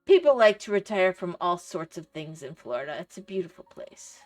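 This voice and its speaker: Over soft background music, a woman speaks fairly quickly in a low-leaning, very animated voice. She's middle-aged and livestreaming a game, telling meandering stories, laughing often and replying to viewers in the chat.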